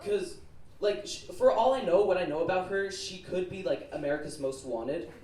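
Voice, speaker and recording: A man's voice: high-pitched, moderate pace, noisy background. A teenage boy telling a rambling story on stage as a student comedian, with lots of filler words. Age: teens. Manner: nervous, rambling storytelling with many "like"s. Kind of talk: stand-up comedy set. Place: comedy club stage with laughing audience. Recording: roomy, distant club recording with crowd.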